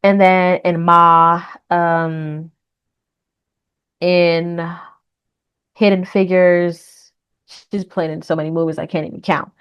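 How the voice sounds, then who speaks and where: A woman's voice: lowish voice, level tone, slow, pauses often, clean tone, highs cut off. A woman hosting a casual reaction vlog, chatty, laughing often and repeating herself. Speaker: host.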